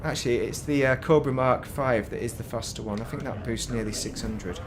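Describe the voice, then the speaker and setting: A man's voice: medium pitch, fairly quick, a crowd in the background. Chatty man streaming a game. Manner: rambling, self-interrupting, chatty. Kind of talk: casual gameplay commentary.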